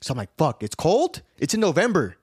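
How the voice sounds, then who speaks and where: A man's voice: on the high side, huge pitch swings, a little fast, husky, no echo, clean studio sound. A man telling a rowdy, profane story to a friend, often laughing and acting out what he said back then. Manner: profane, laughing storyteller who acts out his own lines. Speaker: podcast co-host. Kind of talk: casual storytelling chat.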